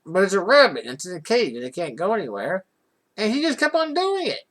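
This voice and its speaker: Speaking fast at a medium pitch, a vlogger rambles through a personal story in a casual way. There are many restarts, the manner is animated, and the indignation keeps rising.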